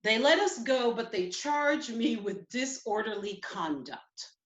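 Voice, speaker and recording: Woman telling her own story, emotional and halting, higher voice, echoey room. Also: expressive, fairly bright tone. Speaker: speaker at a community event. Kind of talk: personal storytelling.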